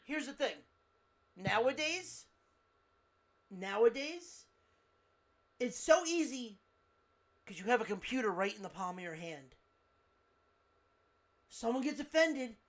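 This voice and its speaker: A man's voice: extremely high pitch, expressive, slow pace, long pauses. A man co-hosting a casual podcast, ranting heatedly and swearing a lot. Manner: loud, heated, swears constantly. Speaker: podcast co-host. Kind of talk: casual profane rant.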